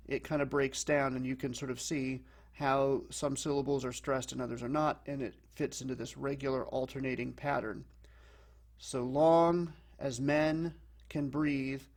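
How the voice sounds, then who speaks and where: A man teaching a lesson, explaining calmly and slowing down to read lines of verse aloud. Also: mid-range voice. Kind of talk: explanatory lecture.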